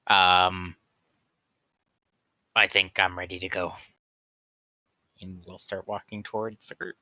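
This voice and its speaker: A man's voice: low voice, flat delivery, slow, sharp tone, no echo, low-quality recording. A man playing a tabletop game on a call, describing his character's moves hesitantly with many fillers. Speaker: player.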